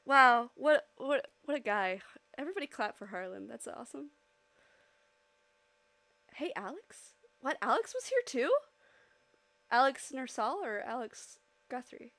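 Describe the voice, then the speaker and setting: A woman streaming live while she draws, chatting casually with her audience, giggling often and bursting into loud, excited squeals. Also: sits high, measured pace, pauses often, no room sound.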